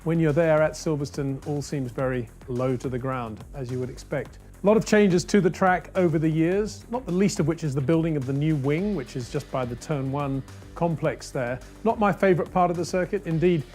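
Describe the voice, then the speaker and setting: A male presenter with a slightly raised pitch narrates history and chats with his guest in an admiring, conversational way. Faint music plays softly underneath him. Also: brisk, few pauses.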